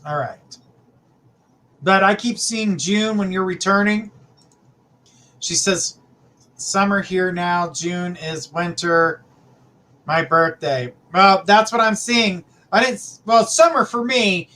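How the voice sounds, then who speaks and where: A man's voice: high voice, takes it slowly, pauses often, sharp tone. A middle-aged man hosting a live psychic reading stream, chatting casually and affectionately with viewers. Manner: chatty, affectionate, calls viewers sweetheart and honey. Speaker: psychic reader, livestream host.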